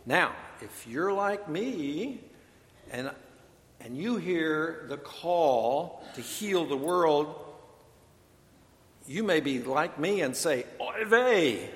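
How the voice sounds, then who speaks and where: A male pastor preaching a sermon in a deliberate, measured way, with touches of dry humor. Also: on the high side, lively intonation. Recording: echoey hall, long reverb.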